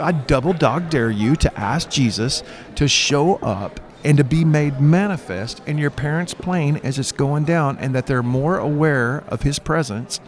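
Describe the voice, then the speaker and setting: A man, a minister being interviewed, telling a story with fervent, preacher-like conviction. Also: a little high. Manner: lively storyteller who acts out the quoted dialogue. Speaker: guest minister and author.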